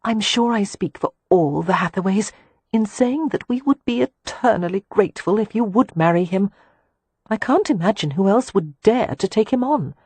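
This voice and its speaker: A woman voicing Poppy, a gentle, kind young woman who speaks affectionately. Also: medium pitch, expressive, normal speed, husky, dry recording, pitched above the performer's own voice. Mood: warm. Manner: gentle and warm.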